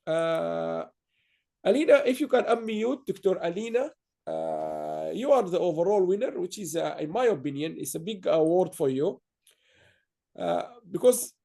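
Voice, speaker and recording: A man with a high-pitched yet mellow voice hosts an online awards ceremony. He rambles warmly through his remarks, full of fillers and restarts.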